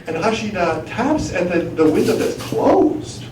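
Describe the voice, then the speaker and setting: A man's voice: high-pitched, normal speed, few pauses, noisy background. A man, a college professor, telling a story on stage to a live audience, acting out his own and others' lines and slipping into fluent French. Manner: animated, acts out dialogue, switches into fluent French. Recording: roomy live venue, distant mic, crowd laughter.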